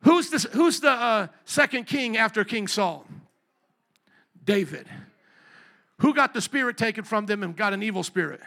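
Pastor guy preaching, high bright voice, chatty then shouting. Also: expressive, normal speed, pauses often. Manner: conversational preaching, rising to shouts; self-deprecating asides and restarts. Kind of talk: sermon.

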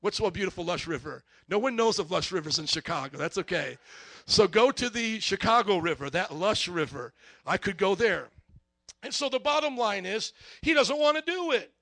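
High-voiced energetic male preacher. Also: normal speed, creaky, dry recording. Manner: energetic call-and-response, casual asides. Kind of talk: sermon.

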